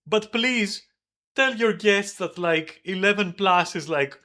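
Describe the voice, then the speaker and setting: A man streaming an angry, profane rant about his old flatmate, yelling at times. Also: high-pitched, slow pace. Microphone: desk microphone.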